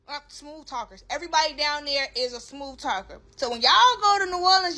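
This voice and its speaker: A young woman telling a story to camera in an emphatic, animated way, stretching words for effect. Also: sits high, a little fast, hardly any pauses.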